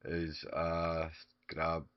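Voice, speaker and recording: Very deep, slow-talking man playing a game. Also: completely flat delivery. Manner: halting, hesitant phrasing. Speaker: player. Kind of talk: describing his character's actions in a role-play game. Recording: dull lo-fi audio.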